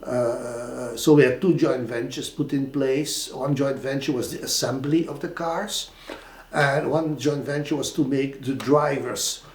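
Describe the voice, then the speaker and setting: Older Flemish-accented male storyteller, animated and rambling, in a roomy reverberant room. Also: medium pitch. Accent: Flemish Belgian. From Belgium. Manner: animated, with frequent fillers and restarts. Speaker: interviewee. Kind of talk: anecdotal storytelling. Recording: roomy echo.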